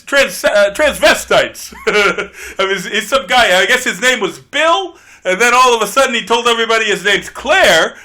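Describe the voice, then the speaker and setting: A man's voice: high voice, bright, forceful tone. Sex: man. Role: podcast guest host. Style: casual comedic chat. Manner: rambling, brash, laughing.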